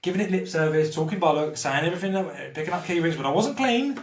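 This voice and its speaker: A man's voice: fairly high pitch, animated, fast talker. A man guesting on a podcast, telling his story bluntly and candidly, swearing freely and mocking himself. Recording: roomy, slightly distant mic.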